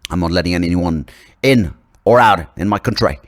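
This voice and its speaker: A man playing a belligerent male politician in a put-on broad Australian accent, loud, slow and swearing. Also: sits low, close to an everyday voice. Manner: shouting, drawn out. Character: aggressive blustering male politician.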